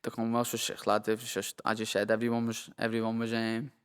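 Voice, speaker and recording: With a lowish, smooth voice and a completely flat, quick delivery, a young Liverpool boxer talks as an interview guest. The chat is casual, rambling and sweary, peppered constantly with "lad," and echoes with long hall reverb.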